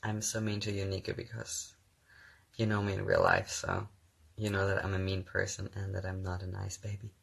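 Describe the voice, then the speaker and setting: Gravelly, husky young man chatting on a livestream. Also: deep voice, lively intonation, moderate pace, a bit bright. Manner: laughs often, teasing and playful. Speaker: livestream host reading comments. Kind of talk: casual livestream chat. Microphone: phone.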